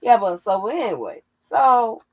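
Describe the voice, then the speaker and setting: A woman's voice: fairly high pitch, very animated, a little slow, no echo, dull audio. A woman hosting her own channel, chatting casually and profanely on a livestream, laughing often as she tells stories. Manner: salty, laughing, profane storytelling. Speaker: channel host.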